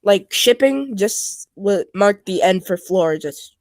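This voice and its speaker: A woman's voice: medium pitch, animated, takes it slowly, darkish tone, no echo. A woman in casual stream chat, rambling with lots of fillers. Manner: rambling, filler-heavy, nerdy train talk. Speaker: stream co-host.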